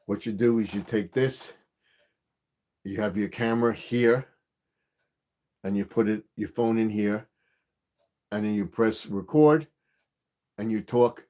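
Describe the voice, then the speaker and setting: Slow, low-voiced man demonstrating gear. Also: warm tone. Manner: repetitive, hands-on explaining with many fillers. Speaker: gardening channel host. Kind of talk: casual live-stream demonstration.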